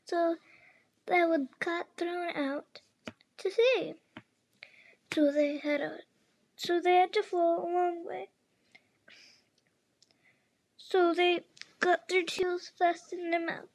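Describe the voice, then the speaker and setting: A woman reading a storybook aloud in a halting way, with frequent restarts and slips. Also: extremely high pitch, flat delivery, dry recording. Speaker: storybook reader.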